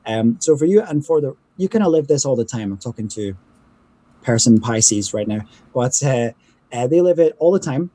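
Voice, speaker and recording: A man's voice: medium pitch, animated, normal speed, mellow, breathy edge, no echo. A man talking casually as a podcast guest, chatty and often laughing. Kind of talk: casual chat.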